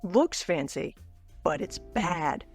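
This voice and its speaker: A woman's voice: fairly low pitch, expressive, slow, slightly rough, soft background music. A woman in her forties co-hosting a podcast in casual, jokey chat, laughing often and poking fun at herself. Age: 40s. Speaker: podcast co-host.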